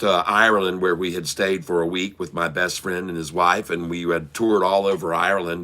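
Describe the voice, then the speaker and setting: A man's voice: sits low, sharp tone. A middle-aged man, a channel host, telling a long personal anecdote in a casual, rambling way, with restarts and laughter. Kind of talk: casual storytelling.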